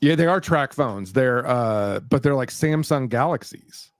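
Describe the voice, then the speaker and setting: A man's voice: medium pitch, expressive, unhurried, no echo. A middle-aged man co-hosting a podcast, chatting casually with teasing dry jokes and many fillers. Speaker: podcast co-host. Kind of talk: casual chat.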